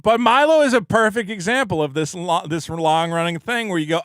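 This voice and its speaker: A man's voice: high voice, lively intonation, a little fast, fairly bright tone, clear, resonant tone, no echo. Brash ranting man on a podcast. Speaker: podcast co-host. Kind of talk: casual comedic chat.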